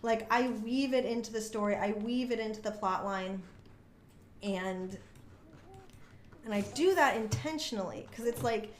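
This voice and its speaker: A woman streamer chatting in a casual, bubbly, self-deprecating way about her writing while she plays. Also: fairly high pitch. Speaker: streamer and author. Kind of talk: casual live-stream chat and reading aloud. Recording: echoey room.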